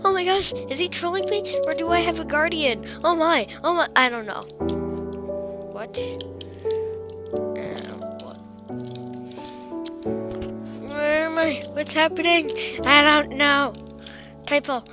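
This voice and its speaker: High-voiced woman over loud music. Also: a little slow, long pauses. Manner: excitable, jumpy, many exclamations and fillers. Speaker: gameplay video creator. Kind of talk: casual gameplay commentary.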